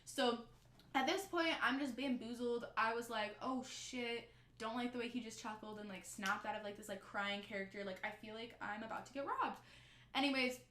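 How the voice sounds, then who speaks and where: A young woman telling a story from her own life in casual storytime style, animated and swearing freely as she quotes the people involved. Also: on the high side, a little fast, roomy sound.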